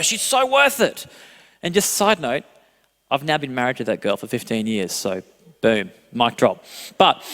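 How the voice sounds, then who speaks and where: Animated pastor preaching in a reverberant hall. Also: male voice, sits high. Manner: animated storytelling, self-deprecating humor, laughs often. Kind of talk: sermon. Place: church hall.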